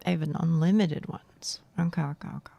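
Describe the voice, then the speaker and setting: A woman streamer with a gruff, gravelly voice chatting casually while gaming, rambling and cutting herself off. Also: deep voice, fairly even intonation, brisk, mellow. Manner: rambling, self-interrupting, laughs often.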